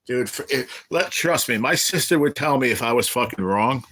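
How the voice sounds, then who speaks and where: A man's voice: mid-range voice, animated, normal speed, a bit bright, a little hiss or hum. A middle-aged man hosting a casual livestream, telling blunt, profane stories and answering chat. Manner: blunt, profane storytelling, reading chat aloud. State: sick, undergoing cancer treatment. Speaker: livestream host. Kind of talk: casual live-stream chat. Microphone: phone or webcam.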